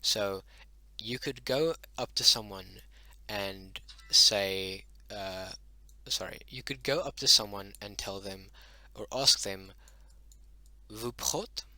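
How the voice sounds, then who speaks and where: A young man talking slowly through a homemade language lesson, his voice bright and tense with a fairly low pitch. He stops often for fillers and corrections and mutters to himself when he slips. The sound is dry and close, with no room around it. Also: no echo. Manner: halting, many fillers and self-corrections, mutters "oh, damn". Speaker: hobbyist language teacher.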